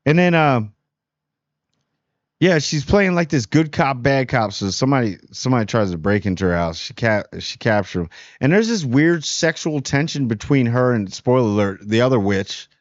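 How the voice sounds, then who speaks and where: A man from New Jersey hosting a casual spoiler review of a TV show, talking bluntly with frequent restarts and animated jumps. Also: medium pitch, normal speed, no echo, muffled recording. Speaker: TV review host.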